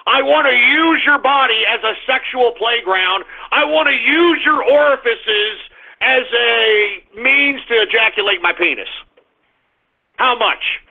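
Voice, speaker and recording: A man voicing a blunt, wealthy male client in a mock Russian accent, flat and stammering. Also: very high-pitched, a little slow, creaky, exaggerated voice. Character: blunt rich male client ordering sex. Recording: tinny phone-like sound.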